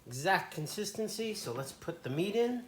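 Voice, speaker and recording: A man's voice: high voice, sing-song, moderate pace, heavy background noise. A man cooking at his home stove and talking to the camera in a casual demo, in a jokey put-on Italian accent. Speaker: home cook.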